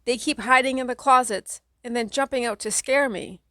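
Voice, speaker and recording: A woman's voice: a little high, normal speed, fairly bright tone, no echo, clean studio sound, pitched above the performer's own voice, natural voice. A woman voicing a scared little girl who whines, pleads and shrieks in a storybook reading. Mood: whining.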